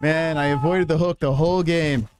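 This man streams himself gaming, speaking at a normal speed in a voice on the high side. Excitable and foul-mouthed, he yelps, swears, and laughs at the action unfolding in the game.

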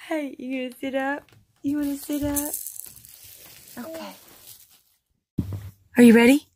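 A woman's voice: sits high, steady tone, measured pace, pauses often, mellow. A young woman chatting casually in a family vlog, upbeat and sing-song when she talks to her kids. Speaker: family vlogger and mother.

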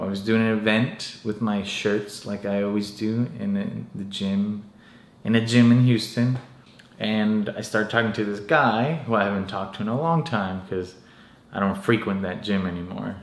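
A drained young fitness vlogger talks in a deadpan, self-mocking way, swearing offhandedly. His voice sits a little low, and the room around him rings with echo. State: drained and lightheaded from dieting. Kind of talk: casual vlog talk. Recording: echoey room.

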